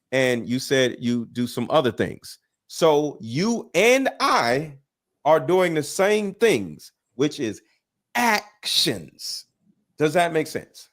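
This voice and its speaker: A man hosting a livestream, lecturing in a blunt, emphatic way with plenty of swearing. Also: on the high side. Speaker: livestream host. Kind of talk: casual livestream commentary.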